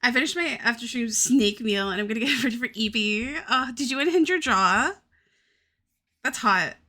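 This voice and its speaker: Bright-voiced crude, giggly woman streamer. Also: fairly high pitch, expressive, normal speed. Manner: crude, self-mocking, giggly banter. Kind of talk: casual livestream chat while drawing.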